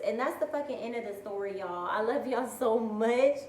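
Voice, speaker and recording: Animated profane woman telling a story. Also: on the high side, normal speed, few pauses, a little hiss or hum. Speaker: vlogger. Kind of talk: casual storytime vlog. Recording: echoey room with faint ambience.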